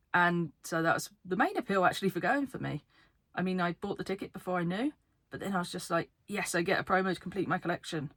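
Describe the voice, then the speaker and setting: A UK card game YouTuber speaks fast and excitedly to the camera facing her in a casual vlog, laughing often. Her voice is lowish, and the audio has no echo.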